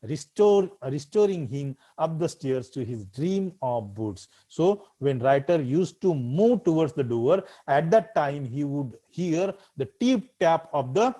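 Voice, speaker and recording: Teacher, male, fairly high mellow voice, reads the text and then explains it. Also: lively intonation, a little slow, few pauses. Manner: reads the text aloud, then explains it line by line with frequent fillers. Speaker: English literature teacher. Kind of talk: classroom lecture explaining a story.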